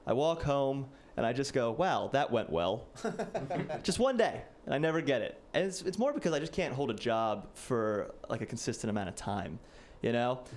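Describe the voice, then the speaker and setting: A man's voice: medium pitch, lively intonation, moderate pace, a little mellow, a little hiss or hum. A man in his late twenties doing a casual, self-deprecating stand-up set, peppered with "like.". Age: late 20s. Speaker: stand-up comedian. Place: stage before a live audience.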